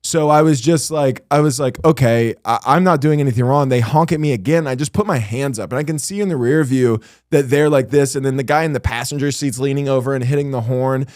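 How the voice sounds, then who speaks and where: A man's voice: mid-range voice, fairly quick, few pauses, dry recording, studio quality. A man hosting a casual comedy podcast, telling stories with lots of swearing and acted-out quotes. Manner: animated storytelling, swearing, acting out quotes. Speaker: podcast host.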